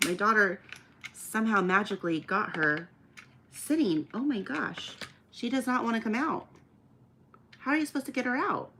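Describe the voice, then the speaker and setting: A woman's voice: a little high, sing-song, moderate pace, pauses often, sharp tone, slight background noise. A woman hosting a live online auction, chatting casually with viewers and laughing often. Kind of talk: casual live-stream chat.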